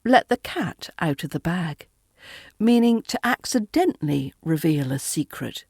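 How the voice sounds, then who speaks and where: Slow, deliberate British accent coach woman. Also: low-pitched, big pitch swings, a little mellow, no room sound, clean studio sound. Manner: slow, deliberate, modelling words clearly. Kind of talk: scripted pronunciation lesson.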